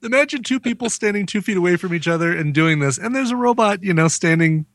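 A man's voice: high-pitched, lively intonation, quick pace, fairly bright tone, no room sound, studio quality. A man co-hosting a casual film podcast, playful and joking. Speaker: podcast co-host.

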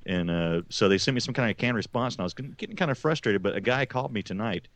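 A man co-hosting a podcast, telling a rambling, halting anecdote in casual chat. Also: on the low side, animated, no room sound. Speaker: podcast co-host.

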